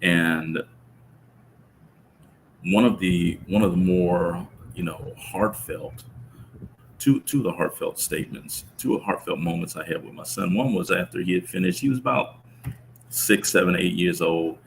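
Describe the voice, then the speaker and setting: Homem de voz muito grave e rouca, reflexivo. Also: male voice, deep voice, creaky, slight background noise, low-quality recording. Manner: reflective, halting, many restarts. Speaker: father telling his story. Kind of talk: conversational storytelling.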